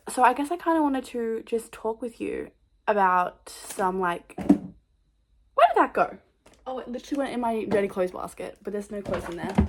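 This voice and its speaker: A young woman talks straight to her camera in a loose, rambling vlog chat. She tells everyday stories with lively, animated energy and peppers nearly every phrase with "like.". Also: mid-range voice, background noise. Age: young adult. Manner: rambling, full of "like" fillers, animated storytelling. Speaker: vlogger.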